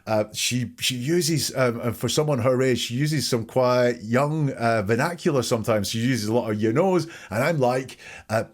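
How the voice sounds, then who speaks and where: Male podcast host, mid-range voice, measured analytical delivery, breaks statements down word by word. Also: medium pitch. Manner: methodical, picks apart phrasing word by word. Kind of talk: analytical commentary on a police interview.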